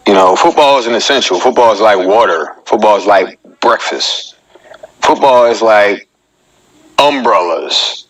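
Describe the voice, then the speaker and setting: A male comedian in his thirties hosts a casual live-stream monologue. His voice is bright and forceful, and he jokes with his viewers and talks straight to them. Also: fairly low pitch, expressive, unhurried, poor audio. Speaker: comedian hosting his own live show.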